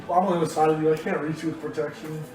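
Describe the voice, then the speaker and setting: A man playing a tabletop game, speaking in a quick, offhand way. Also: on the high side, steady tone. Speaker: player. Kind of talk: casual tabletop game chat. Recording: echoey room, distant from mic. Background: background music.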